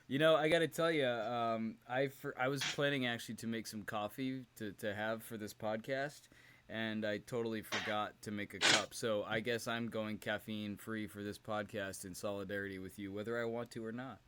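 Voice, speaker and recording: A man's voice: lowish voice, fairly even intonation, moderate pace, background noise. A man co-hosting a podcast in loose, profane casual chat, laughing often between jokes. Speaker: podcast co-host; teacher.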